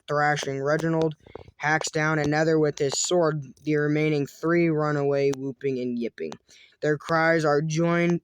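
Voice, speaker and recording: A man's voice: fairly high pitch, slight background noise. A man hosting a let's-play, reading a text adventure aloud with casual chatty commentary, often stumbling over words and restarting. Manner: stumbling reads, restarts and fillers.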